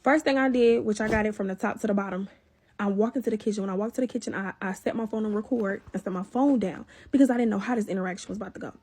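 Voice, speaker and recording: A young woman tells a personal story in a casual vlog, speaking directly to her viewers in an animated, profane way. Her mid-range voice is very fast with a breathy edge.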